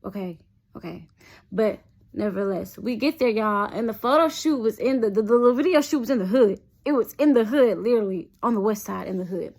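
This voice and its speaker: A young adult woman with a medium-pitched voice tells a personal story in a casual vlog, talking a little fast. She's chatty and animated, often speaking directly to her viewers and calling them "y'all".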